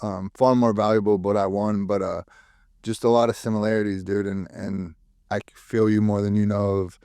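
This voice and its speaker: A man's voice: lowish voice, little pitch movement, moderate pace, dark tone, clean tone, no room sound. A man hosting a podcast interview in a laid-back, conversational way, speaking casually to his guest. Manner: laid-back, calls guest dude, many fillers. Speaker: podcast host.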